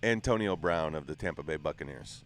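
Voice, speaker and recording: Fast-talking podcast host from Iowa. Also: male voice, a bass voice. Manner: brisk, teasing. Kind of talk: casual comedic chat. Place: bar.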